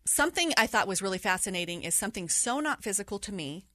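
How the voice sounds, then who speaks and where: A middle-aged woman telling a personal story in an interview, animated and laughing through hard memories. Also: medium pitch, fast talker, no echo, clean studio sound. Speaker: guest sharing her story. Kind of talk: candid interview conversation.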